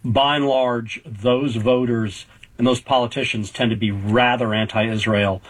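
A man in his fifties with a husky voice talks through politics in a measured, hedging way. He often restarts his sentences as he works through a point. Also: mid-range voice, steady tone, rough recording. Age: 50s. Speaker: political journalist guest. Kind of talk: conversational political analysis.

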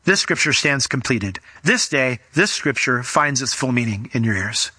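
A man's voice: mid-range voice, expressive, moderate pace, pushed and bright, husky, no echo. A man preaching a conversational, emphatic sermon as a pastor, explaining scripture to his congregation.

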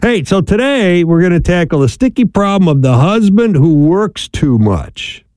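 A man's voice: high voice, big pitch swings, moderate pace, darkish tone, dry recording. A middle-aged man hosting a call-in radio show, chatting in a folksy way and laughing easily. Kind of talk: casual call-in radio talk.

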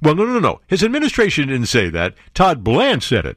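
A man's voice: a little high, wildly swooping pitch, fairly quick, a bit bright, no room sound, clean studio sound. A man hosting a commentary show, reading news stories aloud and breaking in with sarcastic asides and jokes.

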